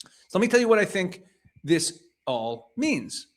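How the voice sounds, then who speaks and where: A man's voice: high voice, big pitch swings, measured pace. A man reading news items aloud and commenting on them, paraphrasing each passage pointedly and asking rhetorical questions.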